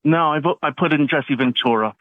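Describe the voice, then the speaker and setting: A man's voice: a little high, a little fast, no room sound. A man calling in to a radio show, defiant and insulting toward the host. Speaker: caller. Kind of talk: phone-in argument. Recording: tinny phone line.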